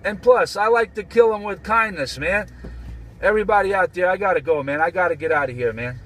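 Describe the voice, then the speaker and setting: High-voiced man teasing on CB radio. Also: fairly quick, fairly bright tone, rough recording. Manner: teasing, repetitive catchphrases. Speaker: trucker on CB radio. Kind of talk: casual CB radio banter.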